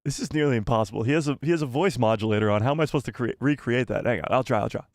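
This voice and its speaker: A man's voice: medium pitch, rapid-fire, darkish tone, slight background noise. A man hosting a live fan stream, chatting casually in a rambling, self-deprecating, joking way. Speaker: host of a live fan show.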